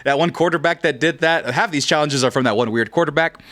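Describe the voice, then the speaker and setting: A man's voice: a little high, fast, fairly bright tone. A man in his thirties from California hosting a livestream in a joking, rambling way with playful swearing. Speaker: streamer host. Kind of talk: casual livestream chat.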